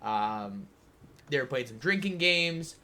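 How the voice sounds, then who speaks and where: A man's voice: mid-range voice, animated, slow pace, bright, forceful tone. A young man co-hosting a podcast, telling a long anecdote in a rambling, casual way full of fillers. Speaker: podcast co-host. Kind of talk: casual storytelling chat.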